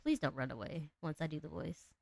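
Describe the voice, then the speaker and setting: A woman's voice: animated, brisk, gravelly, darkish tone, dry recording. Brief: female streamer, alto, bouncy melodic delivery, dry close sound, chatty and giggly. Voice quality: low alto voice. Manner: chatty, giggly, talks to chat and her cat. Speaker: live streamer. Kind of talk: casual live-stream chat.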